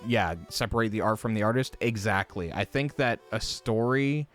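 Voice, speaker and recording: A man hosting a live stream, ranting in a rambling, profane, animated way with many fillers. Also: fairly low pitch, normal speed, soft background music. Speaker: livestream host. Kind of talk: casual livestream chat.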